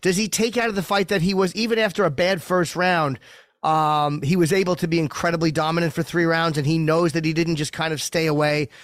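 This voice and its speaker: A man in his fifties hosting a casual sports chat, asking questions and thinking out loud. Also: on the high side, fairly even intonation, brisk, no room sound, clean studio sound. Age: 50s. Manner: questioning, conversational. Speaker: podcast host.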